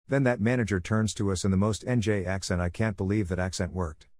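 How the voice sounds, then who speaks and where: A man reads a personal story aloud in an even, unhurried way. His voice sits a little low, and the sound is dry and close with no room around it. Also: no echo. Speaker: narrator. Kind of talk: reading a story.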